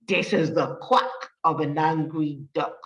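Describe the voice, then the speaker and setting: A woman reading a picture book aloud to young children as a teacher, slowly and encouragingly, stopping to practise rhyming words. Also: low voice, steady tone, fairly bright tone, distant mic, low-quality recording. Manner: slow, sing-song and encouraging, praises often. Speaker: storyteller and teacher.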